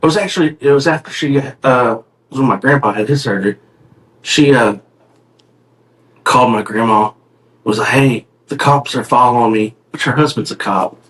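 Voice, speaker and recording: A man's voice: medium pitch, moderate pace, long pauses, fairly bright tone, rough recording. A man co-hosting a podcast, telling a family story in casual chat, rambling with restarts and fillers. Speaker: podcast co-host.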